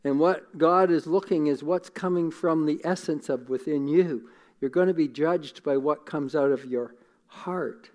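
A middle-aged man preaches a sermon in a high-pitched voice. He is earnest and emotional, repeats his phrases for weight, and sometimes drops to a near hush. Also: measured pace. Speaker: pastor.

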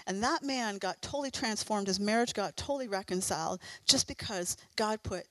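A woman's voice: medium pitch, normal speed, fairly bright tone, no room sound, poor audio. A middle-aged woman preaching a sermon in an earnest, encouraging and fervent way.

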